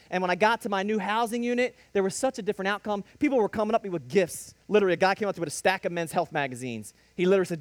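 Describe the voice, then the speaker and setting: A man's voice: high voice, very fast, hardly any pauses, no echo. A man telling a faith testimony in emphatic preacher-style storytelling, with punchy short sentences that rise to bursts. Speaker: speaker giving a faith testimony.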